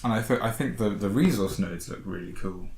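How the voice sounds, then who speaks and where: Low-voiced man chatting in an echoey room. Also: a little fast, darkish tone. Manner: hesitant, rambling, many fillers and restarts. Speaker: board game channel host. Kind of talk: casual review chat.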